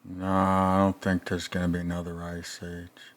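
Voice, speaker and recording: A man's voice: sits low, completely flat delivery, normal speed, lightly acted. A man playing a crude, rambling older male movie reviewer who mutters sarcastic asides in a comedic reaction commentary.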